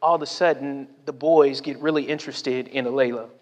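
A man's voice: medium pitch, steady tone, a little fast. A man in his forties from Southern California, a pastor preaching a sermon. He tells personal stories, keeps asking "right?" and acts out the people he quotes. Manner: storytelling with frequent "right?" asides and acted-out quotes. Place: church sanctuary. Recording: long hall reverb.

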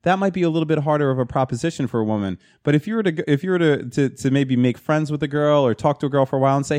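A man's voice: fairly high pitch, very fast, few pauses, a little mellow. A man in crude casual podcast chat, rambling and joking about himself. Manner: rambling, joking, self-deprecating.

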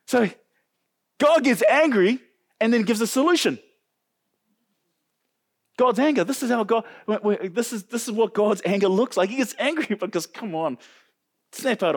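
A man with a New Zealand accent preaching a sermon as pastor, animated and jokey, talking straight to his congregation. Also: high voice, normal speed, long pauses, slightly rough. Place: church service.

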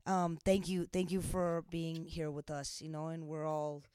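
A woman's voice: deep voice, level tone, a little slow, darkish tone, clear, resonant tone, no room sound, studio quality. A woman co-hosting a podcast, speaking emphatically and addressing listeners directly. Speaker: podcast co-host. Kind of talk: casual podcast chat.

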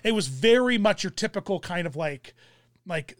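A man's voice: high voice, lively intonation, normal speed, no room sound, studio quality. A young man telling a rambling story in casual chat, full of fillers and restarts. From German descent.

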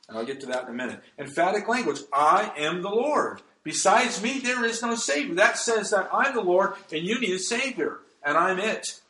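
Emphatic preaching man, highish voice. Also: sharp tone, roomy sound, low-quality recording. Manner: emphatic preaching, reads scripture aloud. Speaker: pastor. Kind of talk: sermon.

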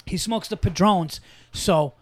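Man, podcast host, high-pitched voice, animated, swears a lot, casual chat. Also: unhurried, no echo. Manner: animated, profanity-laced storytelling.

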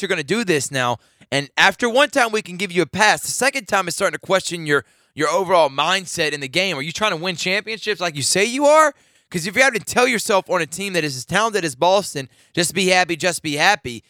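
A man hosts a sports talk radio show, his voice bright and clean with a slightly high pitch. He gives strong opinions and builds into emphatic rants. The sound is dry and close to the mic. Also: no room sound.

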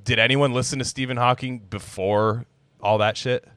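A man's voice: mid-range voice, steady tone, a bit bright, dry recording. A young man co-hosting a casual podcast, rambling and swearing, often breaking into mocking impressions of people. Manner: rambling, profane, quick to slip into mocking impressions. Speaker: podcast co-host.

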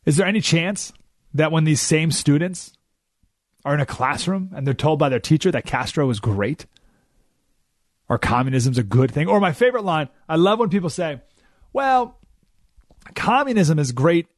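A man's voice: on the high side, normal speed, no room sound. A man hosting a radio talk show, delivering an emphatic, sarcastic opinion monologue from a studio.

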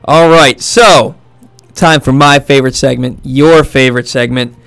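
A man's voice: mid-range voice, steady tone, unhurried, gravelly, fairly bright tone, no room sound. A man hosting a sports podcast from a studio, casual and loose with frequent restarts. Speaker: podcast host.

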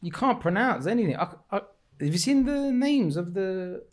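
A man co-hosting a casual chat, joking and quick to laugh. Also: high voice, sing-song. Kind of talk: casual banter.

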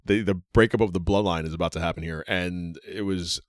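A man co-hosting a casual podcast, excitedly recapping a wrestling match in a rambling way with many restarts. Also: deep voice, fairly quick, no echo, clean studio sound. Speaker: podcast co-host.

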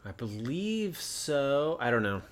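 A man's voice: mid-range voice, sing-song, takes it slowly. A man co-hosting a music podcast, trading playful jokes in casual chat. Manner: jokey, playful banter. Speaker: podcast co-host.

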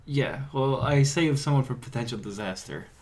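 Male podcast co-host, mid-pitch voice, animated storyteller who laughs through his anecdotes. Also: moderate pace. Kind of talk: casual chat.

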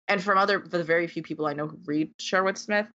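A fast-talking woman with a fairly low pitch and a sharp tone rants about books in a casual discussion. She is exasperated and leans heavily on fillers, and the sound is dull and lo-fi.

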